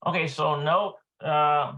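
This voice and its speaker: Slow, halting man teaching a lesson. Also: on the high side, steady tone, pushed and bright. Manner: slow and halting, many filler sounds. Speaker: Hebrew teacher. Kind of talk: live online language lesson.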